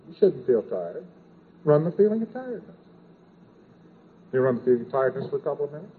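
A man's voice: a little high, very animated, fast talker, a little hiss or hum. A man giving an informal lecture, rambling and repetitive, dropping in sound effects and asides. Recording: tinny old lecture tape.

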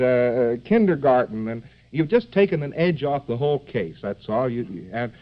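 A man giving a rambling, joking live lecture to an audience, full of fillers and asides like "see?". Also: medium pitch. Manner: joking, digressive, many fillers and rhetorical asides. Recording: dull lo-fi old lecture recording.

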